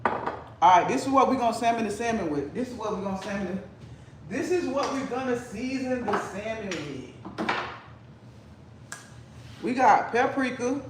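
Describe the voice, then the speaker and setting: A man's voice: high-pitched, animated, normal speed, long pauses, background noise. A man hosting a casual cooking livestream, talking playfully and teasing his chat while he cooks. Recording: echoey room.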